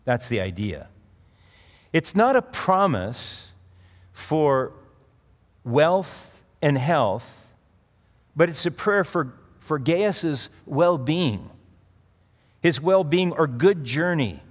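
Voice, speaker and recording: A man's voice: fairly high pitch, big pitch swings, very slow, long pauses. A middle-aged male pastor giving a sermon in a conversational way, with asides and restarts as he tells a story. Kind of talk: sermon with personal anecdote. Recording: long reverb of a large hall.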